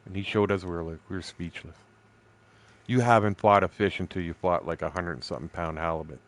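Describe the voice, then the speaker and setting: A man's voice: low voice, brisk. A man in his sixties casually telling profane, rambling fishing stories while streaming a game, laughing often. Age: 60s.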